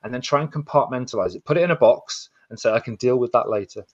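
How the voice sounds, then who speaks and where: A man's voice: mid-range voice, fast talker, slight background noise. A man co-hosting a podcast, giving earnest, practical advice in casual chat with frequent restarts. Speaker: podcast co-host. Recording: dull, dry lo-fi sound.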